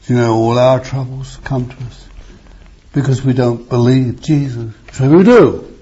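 A husky man preaching slowly and emphatically, pressing the listener with rhetorical questions. His tone is mellow and warm, and the sound is a dull lo-fi recording. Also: medium pitch. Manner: emphatic, with rhetorical questions and sudden raised bursts. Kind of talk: expository sermon.

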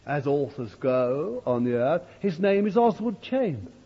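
Male preacher, husky and lively, slow dramatic sermon delivery, dull old recording in a big echoing hall. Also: fairly high pitch. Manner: dramatic storyteller, swings from loud to hushed.

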